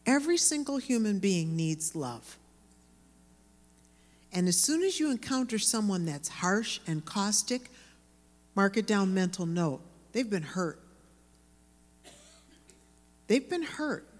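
A woman teaching a sermon to women, with earnest, lively storytelling. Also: medium pitch, measured pace, big-room sound.

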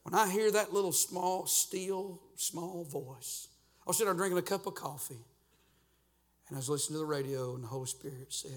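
A middle-aged man preaching a revival sermon and altar call in a church, swinging from loud, fervent rhythmic urging to hushed near-whispers. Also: a little high, fairly quick. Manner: fervent, rhythmic preaching with sudden soft drops. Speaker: pastor. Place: church sanctuary.

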